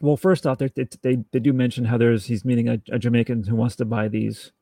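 A man co-hosting a podcast in casual chat, acting out scenes in quick little voices. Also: medium pitch, flat delivery, creaky, dark tone, no room sound, clean studio sound. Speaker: podcast co-host.

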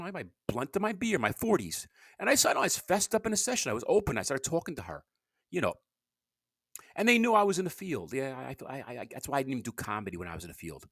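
A middle-aged man talks through a loose, confessional podcast monologue. His pitch swings widely as he stammers and doubles back on his words. The recording is dry and close. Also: sing-song, fast, a bit bright, dry recording. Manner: stammering, repeats words, candid and blunt. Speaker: podcast host and comedian.

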